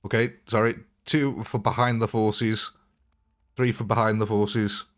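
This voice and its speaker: A man's voice: fairly low pitch, little pitch movement, unhurried. A man chatting casually as he streams a strategy game live, thinking aloud, greeting viewers and laughing often. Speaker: gaming livestreamer.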